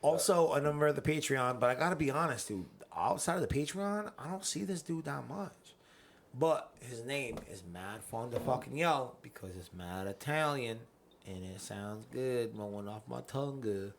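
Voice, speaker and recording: A man hosting a podcast in casual banter, loud, profane and rambling, with a faint background hiss. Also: medium pitch, moderate pace, vocal fry. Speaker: podcast host.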